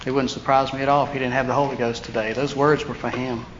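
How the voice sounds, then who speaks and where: A man preaching a storytelling sermon, animated, acting out the voices of people he quotes. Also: medium pitch, fast talker. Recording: dull lo-fi sound with faint hiss.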